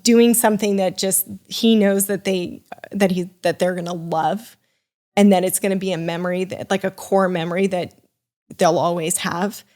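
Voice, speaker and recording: A young woman telling a personal story on a podcast as a guest, animated and rambling, with many restarts, acting out the people she quotes. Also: medium pitch. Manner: acts out quoted voices in her story. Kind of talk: casual storytelling.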